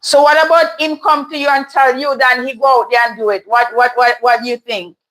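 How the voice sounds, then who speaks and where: A woman's voice: sits high, steady tone, a little fast, a bit bright, poor audio. A woman hosting a casual livestream, reading viewers' comments and answering them candidly. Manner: candid, chatty, laughs often. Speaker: livestream host reading chat. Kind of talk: casual live chat. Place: home in Toronto.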